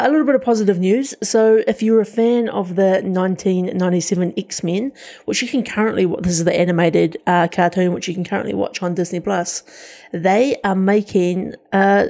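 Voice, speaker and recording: A woman's voice: mid-range voice, steady tone, a little fast, dark tone. A woman co-hosting a pop-culture podcast, chatting with enthusiasm and often restarting her sentences. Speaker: podcast co-host. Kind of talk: casual pop-culture chat.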